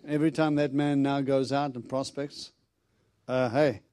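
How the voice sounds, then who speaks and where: A man's voice: medium pitch, normal speed, slight background noise. A man preaching to a congregation, telling stories with acted-out quotes and frequent laughter. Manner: animated storyteller, acts out quotes, laughs often. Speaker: itinerant preacher. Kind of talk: storytelling sermon.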